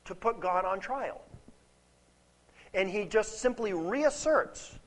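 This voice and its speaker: Poor audio carries a high-pitched man's expository Bible teaching, given in a conversational way. He emphasizes points by repeating key words and checks in with his listeners using "okay?" and "right?".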